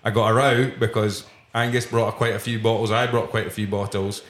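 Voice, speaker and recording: A man's voice: on the low side, level tone, brisk, a bit bright, roomy sound. Scottish man spinning a pub story. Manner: laughs often while telling stories. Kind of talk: casual anecdote telling. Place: back room of a pub.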